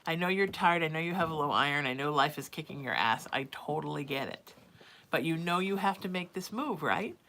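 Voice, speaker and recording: A woman's voice: deep voice, expressive, fairly quick, fairly bright tone. A middle-aged woman giving casual psychic advice on a live stream, chatty and calling viewers sweetie. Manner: reads viewer messages aloud then answers.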